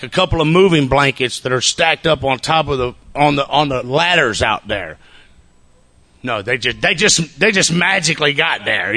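A man with a bright, forceful voice pitched a little on the higher side gives a recovery meeting testimony. He talks casually and bluntly, swears freely, and keeps checking in with his listeners. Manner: casual, profane storytelling with frequent "you know what I'm saying". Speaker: speaker sharing his recovery story.

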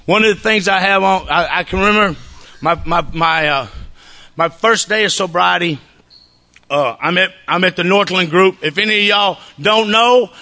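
Bright-toned man sharing his recovery story. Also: high-pitched. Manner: casual, profane storytelling with frequent "you know what I'm saying". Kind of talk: recovery meeting testimony.

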